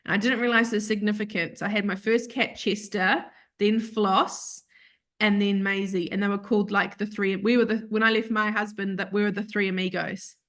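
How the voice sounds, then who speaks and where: Female guest, heartfelt storyteller, acts out quotes, goes soft at tender moments. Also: mid-range voice, normal speed. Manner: animated, quotes herself and others in lively voices. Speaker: podcast guest. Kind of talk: emotional personal storytelling.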